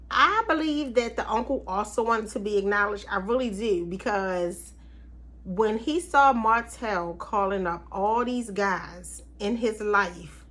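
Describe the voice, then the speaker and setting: A woman's voice: mid-range voice, fairly bright tone. A woman in the middle of her vocal range gives a loose, playful recap of a reality show. She talks like she's gossiping with a friend, full of slangy asides and bursts of laughter. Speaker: TV recap vlogger.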